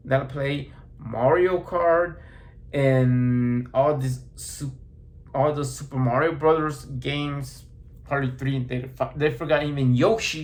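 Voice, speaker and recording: A man talking through a casual movie review in a slow, unhurried delivery. He rambles, breaks off mid-word and restarts, filling gaps with hesitant ums and uhs. His voice sits a little above the usual male pitch. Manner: halting and rambling, full of restarts and fillers.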